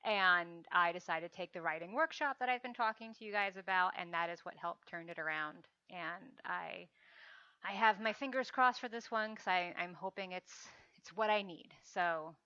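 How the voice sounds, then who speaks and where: Bright-toned chatty woman podcaster. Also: mid-range voice, smooth, no room sound, muffled recording. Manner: chatty, self-deprecating, laughs often. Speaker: podcast co-host and novelist. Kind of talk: casual chat.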